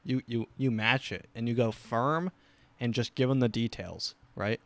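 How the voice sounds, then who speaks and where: A man's voice: medium pitch, normal speed, no room sound. A young man hosting a casual chat show, rambling with lots of fillers and restarts. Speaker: podcast host.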